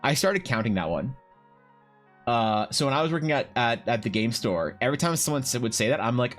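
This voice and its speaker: Here a man streams while drawing, his mid-range voice fast and expressive as he rambles, curses and keeps restarting. Soft music can be heard faintly behind him.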